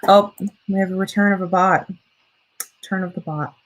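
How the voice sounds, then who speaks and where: Speaking at a moderate pace in a mid-range voice with a steady tone, a young American student writer hosts a casual livestream and reads viewer comments. She rambles and corrects herself, and the audio is poor.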